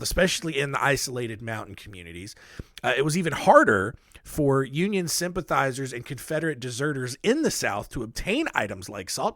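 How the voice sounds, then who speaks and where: A man's voice: mid-range voice, a bit bright, dry recording, clean studio sound. Rambling man hosting a history podcast. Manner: rambling, self-deprecating asides. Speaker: podcast host. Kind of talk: casual history podcast narration. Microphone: handheld microphone.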